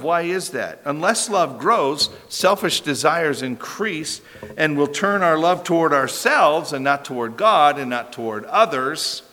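A man's voice: fairly high pitch, bright, forceful tone. A man preaching an expository sermon, emphatic, repeating key phrases and checking in with his listeners. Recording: long hall reverb.

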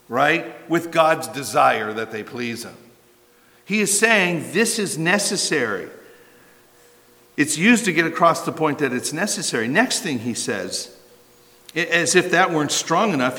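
A man's voice: a little high, pushed and bright. An older man preaching a sermon as a pastor, conversational and emphatic, asking rhetorical questions and adding asides. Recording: long reverb of a large hall.

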